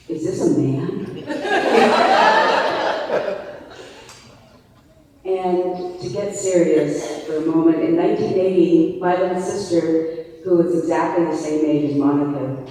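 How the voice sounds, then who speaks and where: Slow-talking woman giving a memorial tribute. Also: lowish voice, dark tone, slight background noise. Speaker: former coworker. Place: church. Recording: echoey hall from far off.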